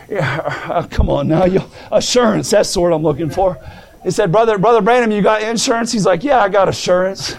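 A male preacher delivering a fervent sermon, stammering and restarting, rising to shouts. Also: high-pitched, vocal fry.

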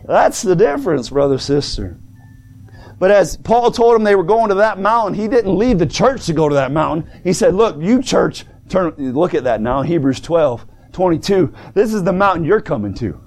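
High-pitched preacher guy, folksy, keeps saying brother sister, gets shouty. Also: lively intonation, moderate pace. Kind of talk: sermon. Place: church service.

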